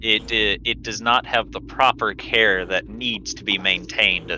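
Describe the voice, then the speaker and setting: A man's voice: lowish voice, fairly even intonation, a little slow, vocal fry, sharp tone, a little hiss or hum, low-quality recording. A man narrating a tabletop game as game master, describing scenes with small restarts.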